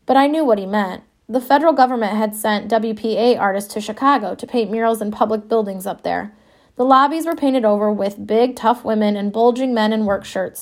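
A woman narrates a first-person audiobook with a wry, wistful touch. Her voice sits somewhat high and her reading flows steadily.

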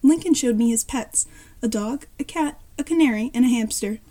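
Woman, story narrator, high pitch, mellow dark tone, plain reading. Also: moderate pace. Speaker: narrator of fan fiction.

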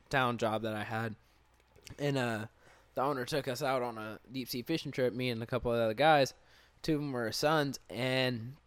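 A man's voice: medium pitch, fairly bright tone, clean tone, no echo. A man co-hosting a podcast, bantering bluntly and telling a story in casual chat. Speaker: podcast co-host.

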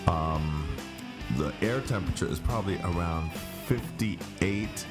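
Deep-voiced grumbling male podcast host. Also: measured pace, loud music behind the voice. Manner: grumbling, mock-aggravated, sing-song greetings. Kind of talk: casual chat. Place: home studio in Barcelona.

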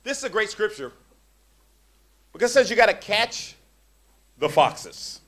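Male preacher, animated sermon delivery with a raised pitch and restless restarts. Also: unhurried. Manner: animated, swings from hushed to loud emphasis; stammering restarts when excited. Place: church.

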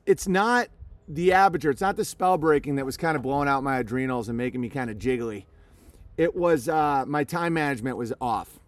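Rambling male live streamer, slightly high. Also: no echo. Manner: rambling, restarts, talks to chat. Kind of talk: casual live-stream chat.

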